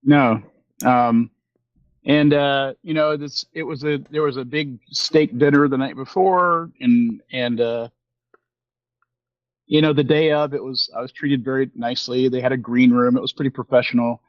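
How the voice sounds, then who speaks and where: A man's voice: medium pitch, steady tone, moderate pace, no echo, muffled recording. Rambling man in his fifties, dry sound. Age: 50s. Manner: rambling, with many fillers and restarts, acting out quoted exchanges. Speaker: podcast co-host. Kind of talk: casual storytelling chat.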